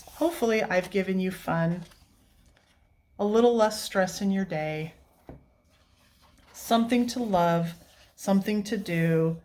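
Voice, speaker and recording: Woman vlogger, casual heartfelt chat, gushing, teary, laughs often, mid-pitched voice. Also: darkish tone. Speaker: coloring channel host.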